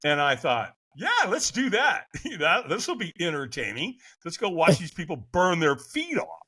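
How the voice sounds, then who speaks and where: Animated man telling a story. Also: on the high side, moderate pace, breathy edge. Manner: lively, acts out voices of others in his story with laughter. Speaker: podcast guest.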